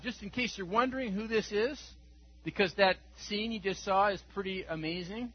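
A man preaching an Easter sermon as pastor, moving from hushed scripture reading to loud exclamations. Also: high voice, lively intonation, normal speed, breathy edge. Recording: dull lo-fi recording with faint hum.

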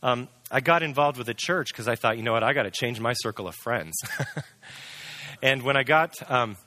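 Candid man sharing his testimony, bright forceful tone, dry close sound. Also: mid-range voice, normal speed, dry recording. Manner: candid, earnest storytelling. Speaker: testimony speaker. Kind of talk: personal testimony.

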